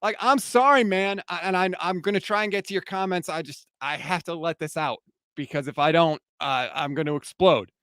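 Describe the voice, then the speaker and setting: Male sports podcast host, high voice, heated post-game rant, dry close sound. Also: fairly quick, bright, forceful tone, clean tone, dry recording. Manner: fired-up, heated ranting.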